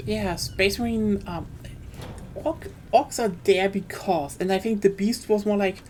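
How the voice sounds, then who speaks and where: Woman streamer, middle pitch, casual enthusiastic rant, swears freely, faint hiss under the voice. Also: unhurried, darkish tone. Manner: chatty, profane, enthusiastic with frequent fillers.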